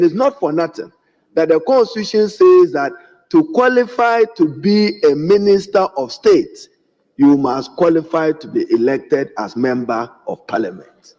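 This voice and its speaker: Ghanaian male legislator, high voice, emphatic floor speech, muffled audio with long hall reverb. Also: warm tone. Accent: Ghanaian English. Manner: emphatic, repeatedly addressing the Speaker. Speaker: member of parliament. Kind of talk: parliamentary debate speech. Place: parliament chamber.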